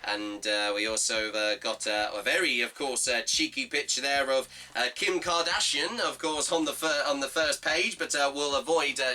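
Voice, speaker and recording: Halting man with a sharp bright voice. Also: medium pitch, far from the mic. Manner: halting, full of fillers and restarts. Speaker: presenter of a fan football series. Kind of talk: casual newspaper review.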